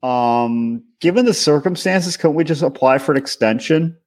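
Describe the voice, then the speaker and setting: A man's voice: fairly high pitch, normal speed, a little mellow. A man co-hosting a podcast, sarcastically mocking reality-TV cast members in casual chat. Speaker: podcast co-host.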